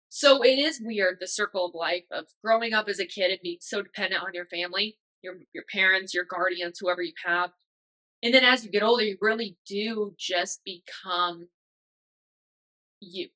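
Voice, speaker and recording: Bright-voiced woman podcaster, reflective. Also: medium pitch, moderate pace, low-quality recording. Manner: emotional, tearful at times, many fillers. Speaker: podcast host. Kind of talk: casual reflective monologue.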